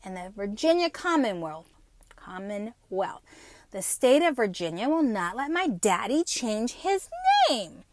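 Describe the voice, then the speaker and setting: Animated, profane woman in her fifties. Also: mid-range voice, a little slow, slight background noise. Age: 50s. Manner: profane, animated storytelling with laughs. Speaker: podcast host. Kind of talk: casual solo chat.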